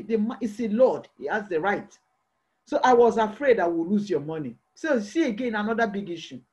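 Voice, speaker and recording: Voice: medium pitch, animated, brisk, darkish tone. A preacher delivering a church sermon, pressing the listeners with repeated rhetorical questions.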